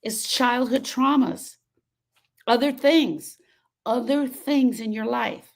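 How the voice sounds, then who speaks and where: A woman's voice: fairly high pitch, slow pace, vocal fry. A woman coaching on grief in a live stream, answering viewers by name. She repeats her points with emphasis and often sidetracks. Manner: emphatic and repetitive, restating points, prone to sidetracks.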